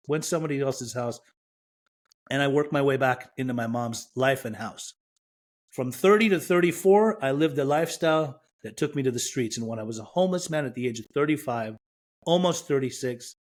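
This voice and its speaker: Podcast guest, man from Iran, frank, reflective, mid-pitched storyteller. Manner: frank, reflective, self-mocking. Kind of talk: candid recovery story in podcast interview.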